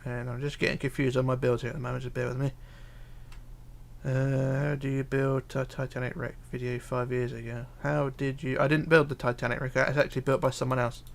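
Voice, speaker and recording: His voice is medium in pitch, creaky, and a little fast, with little movement in intonation. This livestreamer reads comments aloud and talks to himself while building, filling gaps with hesitant fillers.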